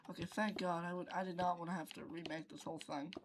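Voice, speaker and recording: A woman's voice: fairly low pitch, level tone, quick pace, noisy background. A woman giving playful commentary while building in a block game, slipping into silly voices and whispers. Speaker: Minecraft builder.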